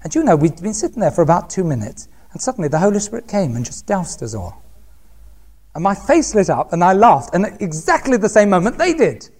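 A man, preaching by telling anecdotes in an animated way and acting out the voices of the people he quotes. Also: high voice, fairly quick, husky. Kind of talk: anecdotal sermon storytelling.

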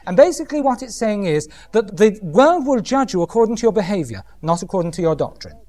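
A man's voice: high voice, fast. Guy preaching, swoopy up and down voice, jokey, does little impressions. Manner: lively, humorous, mimics voices. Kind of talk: sermon.

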